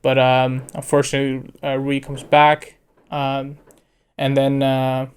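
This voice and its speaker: A man's voice: mid-range voice, completely flat delivery, unhurried, clear, resonant tone. A young man co-hosting an anime review show, chatting in a laid-back way with lots of fillers and acting out quotes. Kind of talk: casual chat.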